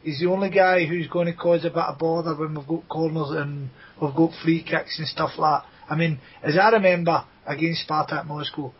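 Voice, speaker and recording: A Scottish man hosts a casual football chat, chatty and throwing questions to his co-hosts. His voice is husky and sits a little high. The podcast audio is dull and lo-fi. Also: fairly even intonation, brisk, few pauses. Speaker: podcast host.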